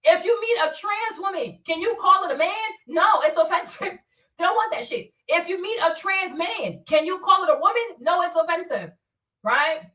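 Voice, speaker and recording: A woman's voice: very high voice, lively intonation, normal speed, sharp tone, recorded from a distance. A woman from Africa hosting a livestream, talking bluntly with swearing and laughter while she answers her chat. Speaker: streamer. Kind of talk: livestream commentary.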